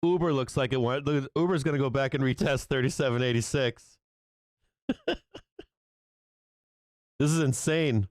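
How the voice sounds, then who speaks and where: Male market-stream host, swears freely, laughs in disbelief; smooth voice, dry close mic. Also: medium pitch, measured pace, long pauses, no room sound. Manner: profane, incredulous, laughing often. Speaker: stock market livestream host. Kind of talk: live market commentary.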